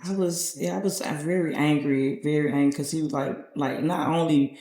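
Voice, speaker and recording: A young man speaking earnestly and haltingly as a podcast guest. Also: on the high side, steady tone, a little mellow. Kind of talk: casual podcast conversation. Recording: echoey room.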